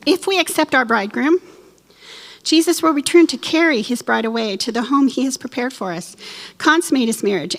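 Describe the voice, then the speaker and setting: Woman Bible teacher, slightly high voice, warm and expressive, tears up and jokes. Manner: expressive, emotional, playful asides. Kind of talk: church Bible lesson.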